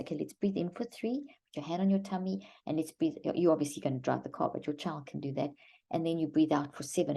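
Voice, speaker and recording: Woman guest expert, low mellow voice, animated, frequent restarts. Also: creaky. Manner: animated, acts out gentle lines spoken to a child; frequent restarts and repeated words. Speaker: guest expert on mental health. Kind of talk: explanatory interview talk.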